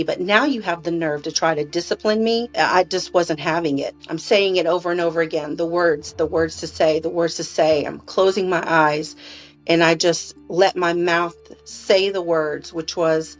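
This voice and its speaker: Low-voiced woman, halting storyteller. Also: dull audio. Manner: halting, with restarts and repeated words. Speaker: interview guest. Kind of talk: personal storytelling.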